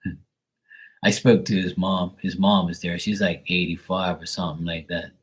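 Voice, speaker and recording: A man's voice: sits low, little pitch movement, moderate pace, husky, low-quality recording. A man talking casually and bluntly, venting with plenty of swearing. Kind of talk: casual chat.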